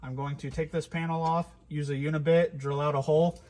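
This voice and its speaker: A man's voice: fairly high pitch, level tone, fairly quick, darkish tone. A man hosting a car channel, casually explaining a hands-on install step by step while working in a vehicle workshop. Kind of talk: hands-on DIY install walkthrough.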